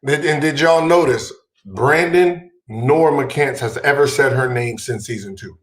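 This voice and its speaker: Male podcast host, swearing, loud and exasperated, echoey room. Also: medium pitch, a little slow. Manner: exasperated, loud comic outbursts. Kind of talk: profane casual storytelling.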